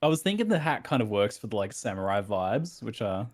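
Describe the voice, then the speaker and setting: A man's voice: on the low side, very animated, fairly quick. A man playing in a tabletop game, talking in enthusiastic, appreciative casual chat. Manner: enthusiastic, appreciative, laughs easily. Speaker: player.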